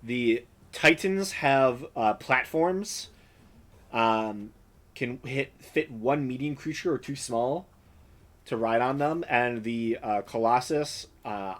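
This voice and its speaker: A man's voice: medium pitch, slow pace. Hesitant man running a tabletop game. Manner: hesitant, many fillers. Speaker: game master.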